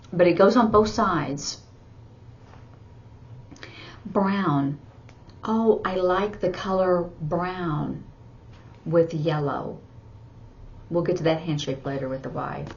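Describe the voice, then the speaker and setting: A woman teaching sign language in a slow, gentle explanatory style, with soft asides. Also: fairly low pitch. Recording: slightly dull recording with faint background hiss.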